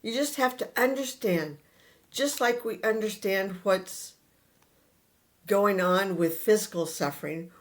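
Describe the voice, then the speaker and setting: Speaking earnestly to his audience, a male spiritual teacher with a high voice gives a talk. He addresses listeners directly, breaks his speech into short pauses-separated phrases, and keeps returning to his key points.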